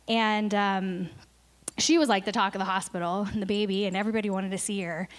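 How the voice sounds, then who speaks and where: A woman's voice: medium pitch, steady tone, a little fast. A woman speaking in church as a missionary, telling an emotional story earnestly, with fillers. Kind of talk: church talk.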